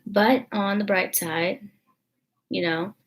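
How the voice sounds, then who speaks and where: A woman's voice: medium pitch, fairly even intonation, slow. A young woman vlogging in a rambling, emotional, confessional way, full of fillers. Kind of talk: casual confessional vlog chat.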